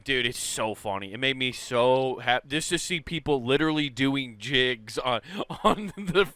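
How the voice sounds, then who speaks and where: A man's voice: medium pitch, expressive, a little slow, bright, forceful tone, no room sound. A man co-hosting a podcast, chatting casually and crudely, laughing often. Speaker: podcast co-host. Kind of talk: casual comedic chat.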